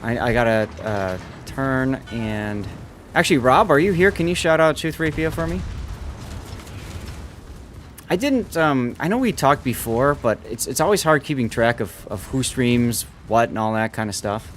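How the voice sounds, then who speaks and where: An expressive man with a medium, slightly bright voice and a moderate pace streams a naval warship game over a bit of hiss or hum. He answers viewer messages and chats casually in between callouts on torpedoes and ranges.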